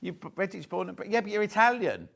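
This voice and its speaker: Guy hosting live shopping tv, kinda high voice, chatty and jokey, swoops around a lot. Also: sing-song, quick pace, creaky, a bit bright. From United Kingdom. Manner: chatty, jokey, reads out viewer messages. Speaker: shopping channel presenter. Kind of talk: live TV sales presentation. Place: TV studio.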